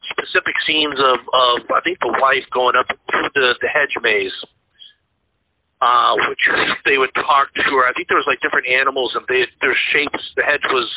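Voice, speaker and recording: A man with a husky voice chats about films as a podcast co-host. He rambles, restarting his sentences and filling the gaps with ums. The sound is thin and phone-like, and very dry. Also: mid-range voice, fairly even intonation, moderate pace, dry recording. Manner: rambling, many fillers and restarts. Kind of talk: casual movie chat. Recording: tinny phone-like line.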